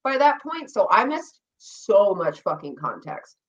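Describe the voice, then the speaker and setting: A woman chatting casually on a podcast, telling a long story with animated delivery, quoting herself and others and swearing freely. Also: medium pitch, unhurried, recorded from a distance, highs cut off. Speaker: podcast co-host recounting reality show experience. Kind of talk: casual chat.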